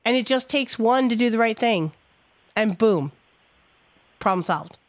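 A woman's voice: on the high side, animated, no echo. A woman hosting a call-in show, talking in a blunt, profane way. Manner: blunt, profane, quick to agree. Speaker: radio show host.

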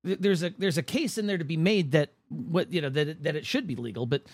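A podcast co-host who stumbles and restarts in casual chat but reads scripted segments smoothly. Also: medium pitch, fast talker, no room sound.

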